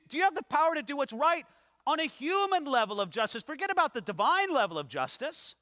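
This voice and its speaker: High, bright-voiced dramatic preacher. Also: male voice. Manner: dramatic, acts out scripture characters, emphatic. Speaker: pastor. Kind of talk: expository sermon. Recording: long hall reverb.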